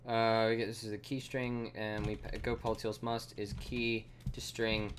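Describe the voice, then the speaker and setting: A man's voice: fairly low pitch, flat delivery, moderate pace, slight background noise. Rambling, swearing man streaming live code. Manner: rambling, profane, many fillers; mutters code to himself. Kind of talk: casual live-coding rant.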